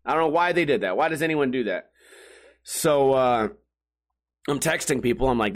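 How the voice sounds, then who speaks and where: A man hosting a podcast, telling rambling, profane stories in a casual, comedic monologue with jumpy, animated delivery. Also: mid-range voice, brisk. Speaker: podcast host.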